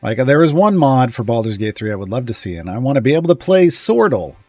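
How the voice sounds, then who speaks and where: A man's voice: medium pitch, big pitch swings, fast, darkish tone, no room sound, soft background music. Rambling, easygoing male streamer. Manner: rambling, trailing off, chuckling. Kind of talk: casual live-stream chat.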